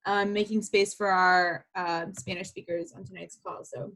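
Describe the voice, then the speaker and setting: A woman's voice: mid-range voice, steady tone, normal speed, a bit bright. Enthusiastic woman hosting a video call. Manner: enthusiastic, rambling, with fillers. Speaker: open mic host.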